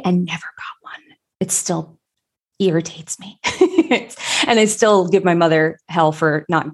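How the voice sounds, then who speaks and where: A woman telling a personal story in a reflective, conversational way, pausing often with fillers. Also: on the low side, a little mellow.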